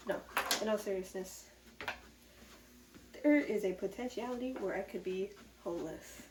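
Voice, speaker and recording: In a casual vlog, a woman chats upbeat and candid to the camera about going through a rough patch. She speaks at a moderate pace in a mid-range voice. There's background noise and faint ambience, as the mic sits some distance away in an echoey room.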